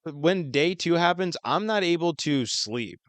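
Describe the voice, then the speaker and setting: A man's voice: fairly high pitch, animated, a little slow, a bit bright, no room sound. A young man co-hosting a podcast, telling a long story in casual chat, swearing a lot. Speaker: podcast co-host.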